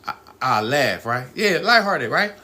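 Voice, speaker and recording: Middle-aged man, bright rambling live-stream talk. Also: mid-range voice, big pitch swings, measured pace. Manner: loose, rambling, laughs often, frequent "you know what I mean".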